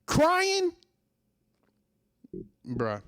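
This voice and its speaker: A man's voice: very high-pitched, wildly swooping pitch, very slow, fairly bright tone, no echo, studio quality. A man in his thirties hosting a commentary show, ranting in a heated, profane monologue full of repeated rhetorical questions. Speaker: commentary host.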